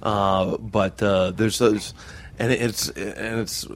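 A man's voice: lowish voice, fairly even intonation, takes it slowly. A man hosting a radio show and podcast, chatting casually and often restarting and trailing off. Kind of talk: casual chat.

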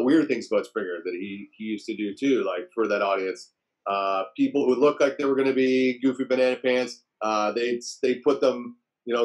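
A man casually telling a story on a talk show, acting out quotes in raised, animated voices. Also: mid-range voice. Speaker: guest storyteller.

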